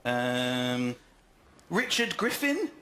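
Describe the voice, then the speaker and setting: A male host presenting an entertainment show with excitable announcing in a TV studio. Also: medium pitch, extremely slow. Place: TV studio before an audience. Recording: studio with loud crowd noise.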